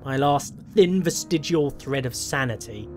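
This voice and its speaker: A man's voice: mid-range voice, lively intonation, a little slow, a little mellow. A man playing a horror game and commenting on it, wry and self-mocking as he thinks aloud. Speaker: gameplay commentator. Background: faint game music.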